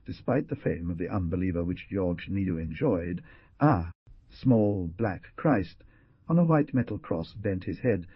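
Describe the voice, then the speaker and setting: Low, husky male audiobook narrator. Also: no echo, highs cut off. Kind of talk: scripted narration.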